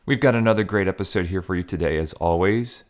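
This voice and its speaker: Deep-voiced, joking man podcast co-host. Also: fast talker. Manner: laid-back, jokey, mock-newscaster intros. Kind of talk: casual chat.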